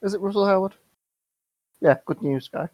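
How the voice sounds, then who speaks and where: A man's voice: high-pitched, moderate pace, darkish tone, dry recording. A man from England co-hosting a casual gaming podcast, laid-back and laughing along. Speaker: podcast co-host. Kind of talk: casual chat.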